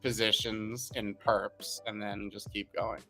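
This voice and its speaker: A man co-hosting a podcast who talks in an animated, opinionated, emphatic way. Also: lowish voice, slow pace, soft background music. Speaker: co-host. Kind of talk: casual podcast chat.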